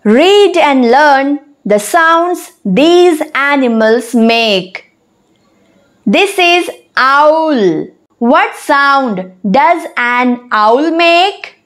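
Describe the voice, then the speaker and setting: Teaching young children, a high-voiced woman narrates very slowly and deliberately, stretching out her words like a lesson. She stops to spell words letter by letter, sounding expressive and fairly bright.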